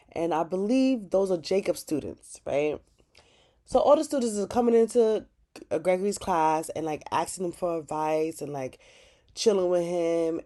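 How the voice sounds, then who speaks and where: A young woman hosting a casual vlog, chatting animatedly and saying "like" a lot as she recaps an episode. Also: on the low side. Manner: chatty, animated, heavy use of "like". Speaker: channel host recapping a TV episode.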